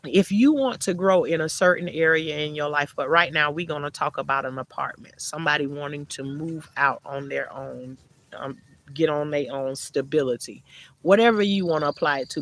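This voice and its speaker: A livestream host with a low voice speaks a little fast as she chats casually from her yard garden outside. She laughs a lot and repeats herself before shifting to words of encouragement for her viewers.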